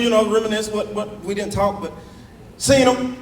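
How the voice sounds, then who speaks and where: A man's voice: high-pitched, normal speed, a little hiss or hum. A young man doing stand-up, telling stories and acting out the people in them in shifting voices. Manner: animated, acts out characters in shifting voices. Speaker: stand-up comedian. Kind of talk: stand-up storytelling. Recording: roomy hall, mic at a distance.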